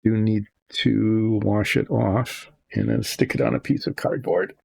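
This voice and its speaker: Gravelly and darkish, this low voice belongs to an older hobby model painter speaking at a measured pace. He chats casually as he works, wandering into asides, with no echo on the recording.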